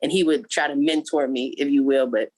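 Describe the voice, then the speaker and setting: Fast-talking woman telling stories. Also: extremely low pitch. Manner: animated storyteller, acts out quotes. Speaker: guest, football player. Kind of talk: casual interview chat.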